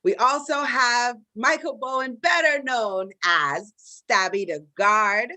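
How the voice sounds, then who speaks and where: A woman's voice: on the high side, takes it slowly, pushed and bright, no room sound. A woman hosting and moderating a live podcast debate, talking casually with many fillers and restarts and poking fun at herself. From Caribbean diaspora in the US. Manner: chatty, many fillers and restarts, self-deprecating.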